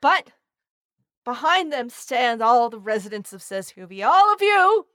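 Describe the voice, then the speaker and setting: A woman's voice: on the high side, sing-song, measured pace, a bit bright, no echo, clean studio sound. A woman co-hosting a podcast in casual chat, effusive and rambling, with some swearing. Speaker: podcast co-host.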